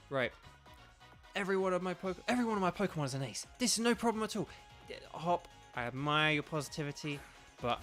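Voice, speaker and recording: Male streamer and voice actor, slightly higher voice, loose rambling live commentary over gameplay while reading chat. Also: bright, forceful tone. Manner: rambling, chatty, reads chat aloud.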